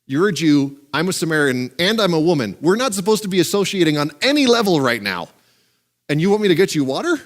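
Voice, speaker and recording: A man voicing a wary Samaritan woman at a well, talking quickly and a little flustered. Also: fairly high pitch, very animated. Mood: indignant.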